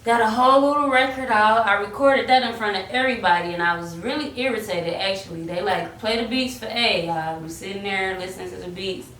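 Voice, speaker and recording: A woman's voice: mid-range voice, brisk, few pauses. A young woman casually telling a story about her music career, acting out quotes and slipping into bits of song. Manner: animated, acts out quotes and slips into singing. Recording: roomy sound from a distant mic, faint hiss.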